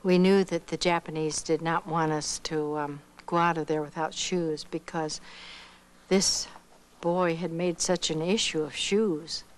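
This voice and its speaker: An older woman from Iowa giving a missionary testimony, telling her story with lively acted-out dialogue. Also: deep voice, measured pace, rough recording. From Iowa, United States. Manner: animated storyteller who acts out quoted dialogue.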